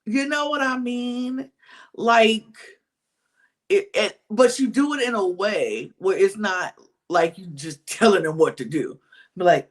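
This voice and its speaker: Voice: mid-range voice, slow. A podcast co-host in casual chat, telling stories animatedly and acting out quotes. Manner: animated storytelling with acted-out quotes. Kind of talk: casual chat recapping reality TV.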